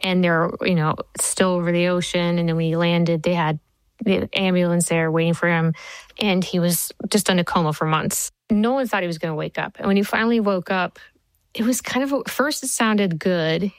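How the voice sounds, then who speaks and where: A woman talking as an interview guest, an animated and chatty storyteller. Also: lowish voice, moderate pace, smooth, no room sound, poor audio. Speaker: TV show creator.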